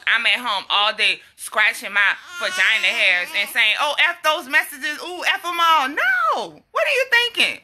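A young woman, talking bluntly and casually to her followers, animated and quick to laugh. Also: a little high. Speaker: herbal health vlogger. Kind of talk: casual straight-talking live chat.

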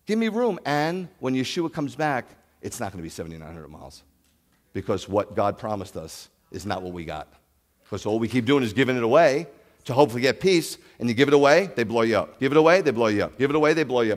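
A man preaching a sermon as a rabbi, animated, with rhetorical questions and loud scripture reading. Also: medium pitch, fast talker, long reverb tail. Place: congregation sanctuary.

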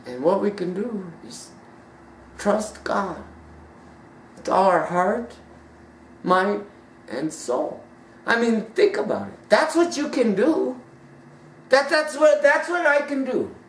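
Slow, roomy woman preaching emphatically. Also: very animated, a little hiss or hum. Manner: emphatic, swinging from loud high peaks to hushed drops. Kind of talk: sermon. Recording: roomy sound from a distant mic.

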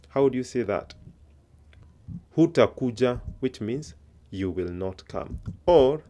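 A man's voice: lowish voice, a little mellow. A man teaching a recorded language lesson, patiently repeating each example and quizzing the viewer.

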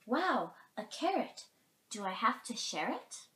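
A woman voicing an eager young female deer, excitedly reading it from a storybook. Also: fairly high pitch, slow pace, exaggerated voice. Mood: delighted. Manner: bright, excited storybook read-aloud. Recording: roomy echo.

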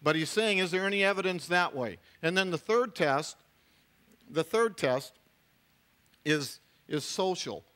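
A man's voice: sits high, animated, a little slow, bright, forceful tone. A middle-aged man, a pastor, preaching a sermon in a conversational way, with frequent restarts and asides to the congregation.

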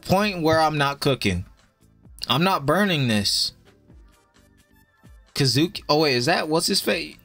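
A young man streaming and chatting with his viewers in a blunt, profane way, giving quick verdicts with plenty of casual swearing. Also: on the high side, animated, gravelly, fairly bright tone, dry recording, soft background music. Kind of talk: casual live-stream commentary.

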